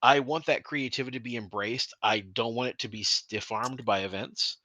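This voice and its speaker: A man co-hosting a casual hobby podcast, talking with animated energy, swearing freely and restarting sentences. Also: medium pitch, normal speed, no echo. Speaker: podcast co-host.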